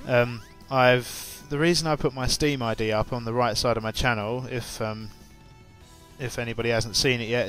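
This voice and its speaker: A man's voice: medium pitch, fairly bright tone. A young English man with an English accent chatting casually to his viewers, rambling with lots of fillers and restarts. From England. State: just woken up and tired, with hiccups. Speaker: YouTuber. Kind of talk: casual chat to camera.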